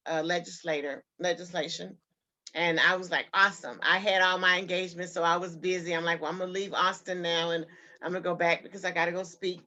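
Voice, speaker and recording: Woman, guest, heartfelt personal story, bright forceful voice, dull lo-fi recording. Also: fairly low pitch.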